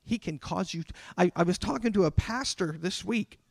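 A man delivering a sermon as a pastor, talking conversationally with dramatic pauses. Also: sits high, gravelly, no room sound, studio quality. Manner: conversational preaching with dramatic pauses and acted quotes.

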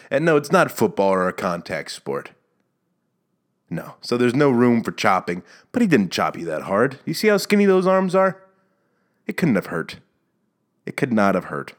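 Lively, low-voiced man rambling jokingly. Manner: jokey, self-mocking, rambling. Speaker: podcast host. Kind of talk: rambling solo podcast monologue.

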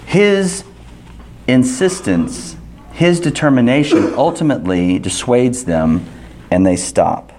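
A man's voice: mid-range voice, very animated, slow pace, a little mellow, slight background noise. A man leading an interactive Bible study, asking the group questions and restarting his sentences often.

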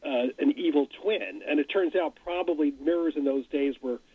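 Husky man thinking aloud on radio. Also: fairly high pitch, normal speed, no echo. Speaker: studio guest. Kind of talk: casual radio chat. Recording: thin phone-like radio sound.

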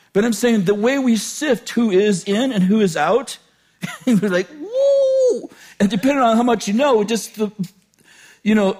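High-voiced joking preacher man. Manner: chuckles often, joking and conversational; animated, shifts between loud bursts and low asides. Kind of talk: informal sermon.

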